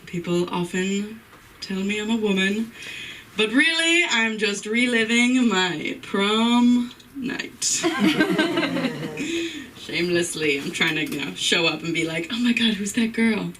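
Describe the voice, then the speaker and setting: A woman's voice: medium pitch, lively intonation, slow pace, long pauses, fairly bright tone, far from the mic, poor audio. Giggly, rambling woman at an open mic. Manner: giggly, rambling, self-deprecating. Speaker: stand-up comedian. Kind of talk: stand-up comedy. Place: live open mic night at a comedy venue. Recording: off-mic voice with faint room noise.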